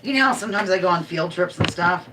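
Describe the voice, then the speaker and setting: A woman's voice: lowish voice, lively intonation, fast, sharp tone, a little hiss or hum. A middle-aged woman hosting a casual home livestream, chatty, playful and rambling. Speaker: livestream host. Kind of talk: casual live-stream chat.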